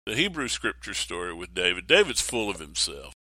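A man, a pastor, talking through his sermon plan in lively storytelling style, acting out voices in quotes. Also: low-pitched, fairly quick, no room sound. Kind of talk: podcast sermon preview.

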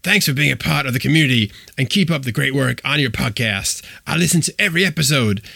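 Brief: upbeat male podcast host, a man's deliberately bad impression, friendly, dry sound. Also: medium pitch, lively intonation, gravelly, pushed and bright, husky, dry recording, full character voice. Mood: cheery. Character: cheerful adult male podcast host reading a letter.

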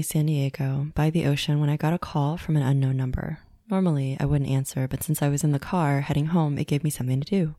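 A woman podcast host reading a personal essay in a calm, reflective way. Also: low-pitched, fast talker, hardly any pauses, faint music behind.

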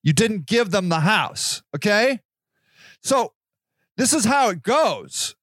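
A man hosts a solo podcast in a fairly high voice, moving between reading aloud and heated rants. He is sarcastic and swears freely. The sound is dry and close, with no room around it. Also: sing-song, slow pace, a bit bright, no echo. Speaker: podcast host.

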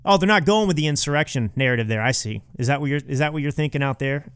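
A man's voice: a little high, fast, smooth. A man hosting a political commentary podcast, talking in a sarcastic, mocking way. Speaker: podcast host.

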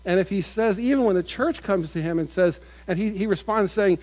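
A man's voice: high voice, normal speed, few pauses, a little mellow, rough recording. A man preaching a conversational sermon, often repeating and restarting his phrases. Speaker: pastor.

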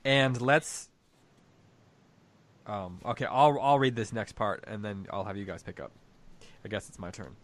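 A man hosts a book discussion, thinking aloud as he works through a story's meaning. His voice sits a little low. He sounds reflective and unhurried. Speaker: host.

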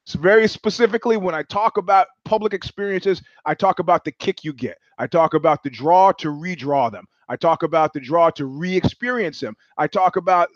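Male host, rambling comic monologue, high voice, animated and profane, dry dull sound. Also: a little fast, hardly any pauses, no room sound. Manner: animated, profane, repetitive restarts.

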